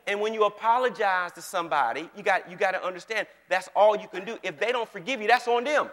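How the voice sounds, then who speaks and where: Male pastor, high voice, animated sermon, reverberant hall. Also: fast, few pauses. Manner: animated, keeps checking in with the congregation. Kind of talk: conversational sermon.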